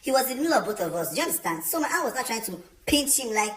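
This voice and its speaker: A young man telling a storytime vlog, chatty and animated, with many fillers. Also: very high-pitched, very fast, slight background noise. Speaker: vlogger. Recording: roomy echo.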